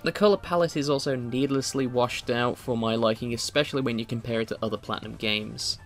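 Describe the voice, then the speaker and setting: A man's voice: medium pitch, fairly even intonation, brisk, faint music behind. Wry man narrating a game review. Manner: wry, opinionated asides. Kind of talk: scripted voice-over review.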